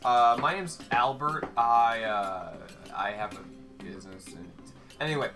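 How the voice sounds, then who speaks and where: A woman's voice: a bass voice, a little slow, a bit bright. A woman voicing a shabby, lonely middle-aged man who talks hesitantly through a mouthful of food. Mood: awkward. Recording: background music.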